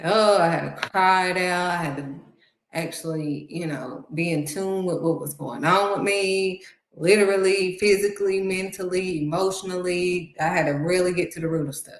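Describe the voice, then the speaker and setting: A woman giving heartfelt spiritual encouragement in a conversational preaching style, repeating phrases for emphasis. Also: on the low side. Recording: roomy echo.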